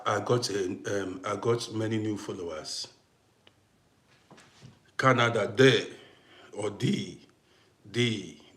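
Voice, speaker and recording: A man from Africa, host of a live stream, chatting casually with viewers and turning heated and loud as he answers a critic. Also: on the low side, echoey room. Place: home in Austria.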